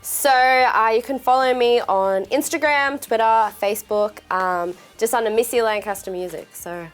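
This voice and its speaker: A woman's voice: fairly high pitch, normal speed, faint music behind. A woman with an Australian accent, a guest answering questions in a giggly, good-humored way. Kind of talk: casual interview.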